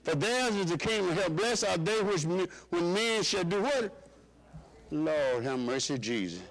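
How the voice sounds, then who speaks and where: A man's voice: animated, moderate pace, low-quality recording. A man preaching a sermon to his church, calling out questions for the congregation to answer. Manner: call-and-response preaching, rising and dropping pitch.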